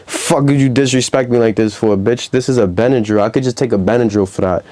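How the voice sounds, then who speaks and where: A young rapper with a New York accent talks in a dark, mellow voice. He tells stories casually and slips into loud, high acted-out quotes. The tone stays loose and conversational. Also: quick pace. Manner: animated storytelling, acts out quotes loudly. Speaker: rapper guest. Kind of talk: casual interview chat.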